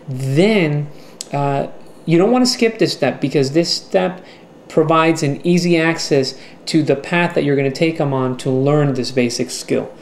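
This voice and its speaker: A man talking through a teaching strategy in an instructional video, slow and deliberate, with the odd filler. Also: fairly high pitch, darkish tone, a little hiss or hum. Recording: echoey room with faint ambience.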